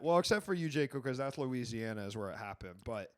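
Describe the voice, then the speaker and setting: Man, stream host, animated pitch, rambling, swears a lot, small studio. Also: quick pace. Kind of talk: casual live-stream chat.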